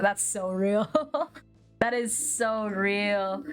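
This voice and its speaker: A woman's voice: mid-range voice, measured pace, soft background music. A woman streamer reading a dating game aloud, chatty and joking with a self-conscious streak.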